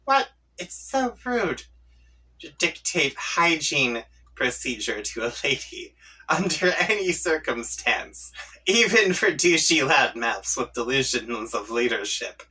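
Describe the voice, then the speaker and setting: A man puts on a haughty young troll girl from a webcomic, smug and taunting. The voice swings up and down with lively pitch and has a bright, husky edge. It sounds a little off-mic. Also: slow, distant mic, exaggerated voice.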